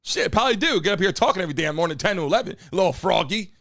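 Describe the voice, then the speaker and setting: A loud man with a slightly froggy, hoarse voice hosts a live stream and talks straight to his viewers. He speaks high and quick, jumping up and down in pitch, and swears freely. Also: animated. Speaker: host of a live call-in show. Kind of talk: live streamed talk show.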